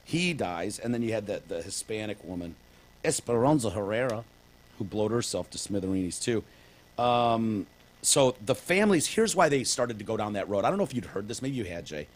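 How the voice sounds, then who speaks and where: A man's voice: lowish voice, big pitch swings, normal speed. A man with a Detroit accent co-hosting a casual comedy podcast, sarcastic and prone to acting out little voices. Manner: sarcastic, acts out voices in bits. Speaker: podcast co-host.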